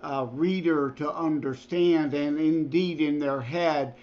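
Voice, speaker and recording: A man's voice: on the high side, fairly even intonation, takes it slowly, darkish tone, muffled recording. A man co-hosting a podcast, chatting casually and thoughtfully, often chuckling. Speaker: podcast co-host. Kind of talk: casual chat.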